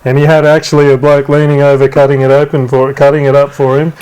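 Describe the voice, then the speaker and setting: A man's voice: mid-range voice, flat delivery, quick pace, darkish tone, clear, resonant tone, low-quality recording. An Australian man co-hosting a rugby league show, telling rambling, irreverent stories in casual banter. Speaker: podcast co-host.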